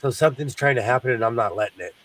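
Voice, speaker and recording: A man's voice: mid-range voice, racing, a bit bright, recorded from a distance, low-quality recording. A man hosting a sewing livestream, congested from sinus trouble, chatting in a rambling way and laughing often. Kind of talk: casual chat while sewing.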